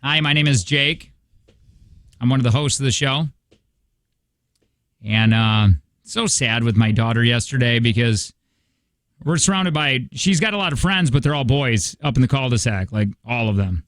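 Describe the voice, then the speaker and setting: A man's voice: mid-range voice, animated, normal speed, long pauses, fairly bright tone, dry recording. A man in his thirties hosting a morning radio show, rambling through stories in casual chat. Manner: rambling storyteller, chatty. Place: radio studio. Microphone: studio microphone.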